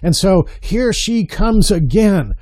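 A middle-aged man delivering an impassioned sermon-style talk to other men, hammering points home through repetition and calling them brother. His voice sits high for a man yet sounds mellow and soft-edged. He builds intensity as he presses each point. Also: expressive, takes it slowly. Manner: emphatic, repeats words, calls listeners brother. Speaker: men's marriage speaker.

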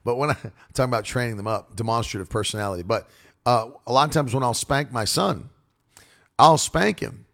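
A man's voice: mid-range voice, fairly quick, creaky, fairly bright tone. A male preacher giving a flowing sermon on marriage and parenting, repeating key phrases for emphasis. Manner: loose, flowing delivery with restarts.

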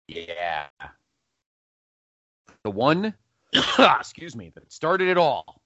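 A man's voice: medium pitch, extremely slow, pauses often, no room sound, muffled recording. A man hosting a casual podcast countdown, rambling and correcting himself as he goes. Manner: rambling, self-correcting, animated. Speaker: podcast host.

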